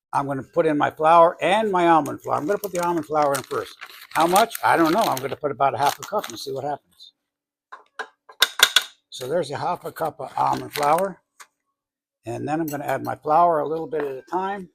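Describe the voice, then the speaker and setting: Gravelly man chatting through a bake. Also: fairly high pitch, moderate pace, pauses often, a little hiss or hum. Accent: New England. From New England. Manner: rambling, self-correcting, chatty asides. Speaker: home baking channel host. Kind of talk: casual baking demonstration. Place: home kitchen.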